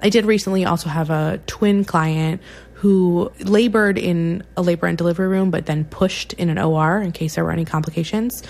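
Woman, birth photographer, interview, earnest, conversational, gravelly voice. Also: fairly low pitch, fairly even intonation, a little fast, darkish tone. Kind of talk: radio interview.

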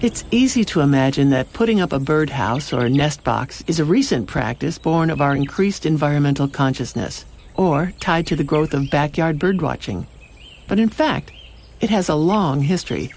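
A woman radio presenter reading a scripted short feature in a measured, storytelling way. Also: sits low, expressive, darkish tone, slight background noise. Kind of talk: scripted narration.

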